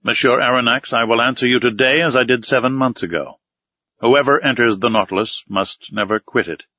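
A man's voice: medium pitch, brisk, no room sound, close to an everyday voice. A man reading the lines of a stern, secretive male sea captain in an audiobook, curt and ironic. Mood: cold. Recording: slightly dull, dry recording.

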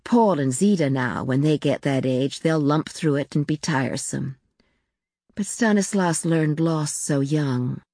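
A woman reading the lines of a gentle, timid aristocratic mother who speaks earnestly and grows passionate. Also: deep voice, measured pace, no room sound, clean studio sound.

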